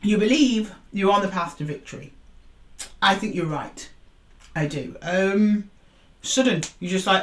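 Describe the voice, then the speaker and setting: A woman's voice: mid-range voice, unhurried, long pauses. A woman giving a casual tarot reading, chatty and coaxing as she calls for cards and talks to her viewers. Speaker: tarot reader.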